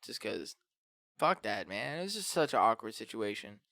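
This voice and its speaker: A man's voice: on the low side, very animated, normal speed, vocal fry, bright, forceful tone, no echo, studio quality. A man chatting casually with friends, telling a story full of swearing, fillers and laughter. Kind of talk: casual chat.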